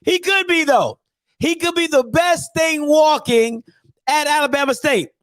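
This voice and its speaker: A man hosting a live sports talk show, ranting in an animated, slangy, mocking way. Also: extremely high pitch, measured pace, no echo. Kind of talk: live solo sports rant.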